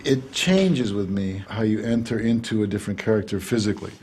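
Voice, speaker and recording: A man, an actor, talking in a reflective, halting way in an interview. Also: on the low side, darkish tone, slight background noise.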